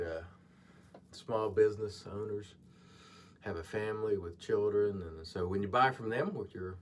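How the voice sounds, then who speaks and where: Male vlog host, low voice, casual rambling review mid-shave. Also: a little hiss or hum. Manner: chatty, digressive, earnest asides. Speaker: channel host reviewing shaving soap. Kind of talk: casual product review while shaving.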